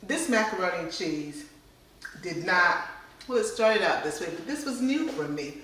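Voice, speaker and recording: Cast: woman, cooking host, lowish voice, humming and half whispering, recorded off-mic in a booming room. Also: very animated, normal speed, a bit bright, far from the mic, a little hiss or hum. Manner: drifts into whispering, savoring hums. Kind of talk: casual cooking demo, tasting on camera. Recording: echoey room, voice away from mic.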